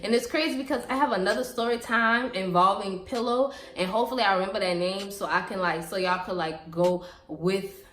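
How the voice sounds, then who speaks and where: A young woman with a Southern US accent telling a storytime vlog in an animated, dramatic way, full of fillers. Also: medium pitch, brisk, a little hiss or hum. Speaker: vlogger. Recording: echoey room with faint music.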